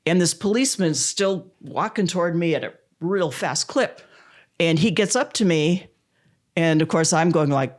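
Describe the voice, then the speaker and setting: A woman's voice: fairly low pitch, moderate pace. Emotional woman advocate, laughing through tears. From Missouri. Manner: warm, laughs often, near tears while telling a story. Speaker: guest, volunteer advocate. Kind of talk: emotional storytelling in an interview.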